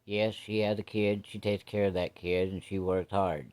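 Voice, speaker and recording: A man's voice: deep voice, little pitch movement, normal speed, a little mellow, smooth. A man telling a story in a folksy, casual way, cussing freely and talking straight to his listeners.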